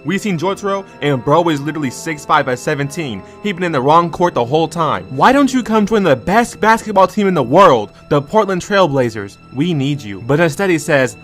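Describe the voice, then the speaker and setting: A man's voice: fairly high pitch, lively intonation, brisk, hardly any pauses, a bit bright. A young man giving a slangy, joking commentary that recaps an anime. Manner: slangy, joking, puts on character voices. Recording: music playing underneath.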